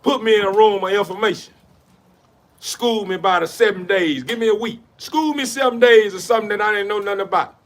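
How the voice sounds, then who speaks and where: High-voiced man, rambling pep talk. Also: brisk. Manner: rambling, repetitive, street slang, preachy. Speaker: dog breeder talking to camera. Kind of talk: motivational monologue.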